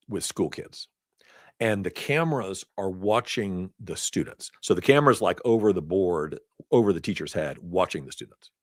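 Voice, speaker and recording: Low-voiced man teaching a class. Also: no room sound, studio quality. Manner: chatty, storytelling asides with laughs. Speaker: instructor. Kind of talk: casual lecture. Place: classroom or event hall.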